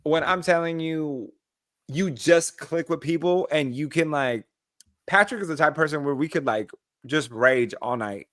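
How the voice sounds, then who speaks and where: A man co-hosting a podcast, chatting casually in an animated way with quick asides. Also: fairly high pitch, dry recording, studio quality. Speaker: podcast co-host. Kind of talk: casual chat.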